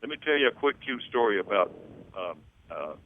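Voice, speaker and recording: A man's voice: fairly low pitch, sing-song, a little fast, phone-quality sound, a little hiss or hum. An older man in an interview, telling stories and coaching vocal sounds. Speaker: interviewee, backup singer. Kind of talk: storytelling interview chat.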